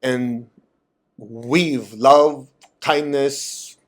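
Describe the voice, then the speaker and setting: A man giving a spiritual talk and guided meditation, direct and animated, asking his listeners teasing questions. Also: medium pitch, drawn-out words. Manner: animated, acts out quoted voices. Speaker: meditation teacher.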